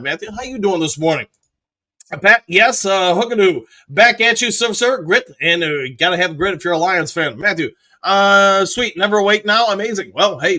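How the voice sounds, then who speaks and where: A man hosting a live fan stream, reading viewer comments with upbeat, rapid shout-outs. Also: sits high. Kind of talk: casual live chat reading.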